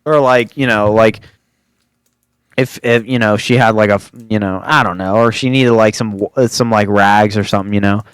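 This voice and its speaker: A man's voice: on the low side, steady tone, moderate pace, clean tone, no room sound. A man in his twenties telling a rambling story on a podcast, full of fillers and laughing asides. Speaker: podcast host. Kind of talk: casual storytelling.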